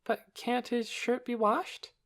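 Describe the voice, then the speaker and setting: A man's voice: very high voice, level tone, slow, fairly bright tone, voice pushed up, full character voice. A man voicing a young girl, earnest and a little unsure. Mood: doubtful. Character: young girl, timid but quick-tempered.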